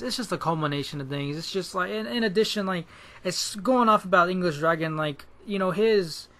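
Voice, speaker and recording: A young man with a fairly high voice rants to his viewers in a loose, profane way. He sounds fed up, stumbles over his words and starts over again and again. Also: bright, forceful tone. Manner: frustrated, profane, repetitive restarts. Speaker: gaming YouTuber. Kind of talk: casual ranting commentary.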